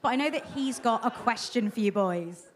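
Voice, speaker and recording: A woman's voice: on the high side, lively intonation, fairly quick, slight background noise. A woman presenting audience questions at a live event, teasing the fans she introduces. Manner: cheeky, teasing.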